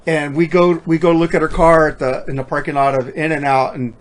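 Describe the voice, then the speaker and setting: A man's voice: a little high, level tone, a little fast. A man chatting casually as a co-host, telling stories full of swearing and laughing at his own jokes. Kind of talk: casual profane chat.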